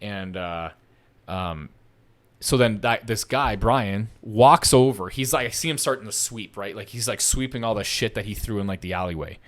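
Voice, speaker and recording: A man's voice: fairly low pitch, normal speed. A man casually telling a long story on a podcast, swearing a lot and repeating himself as he goes. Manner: profane, animated, repeats himself.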